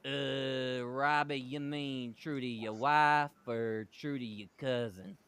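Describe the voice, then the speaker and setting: A man voicing a dim-witted hillbilly wrestler with a slow, dopey country drawl. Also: mid-range voice, steady tone, fairly bright tone, clean tone, pitched below the performer's own voice.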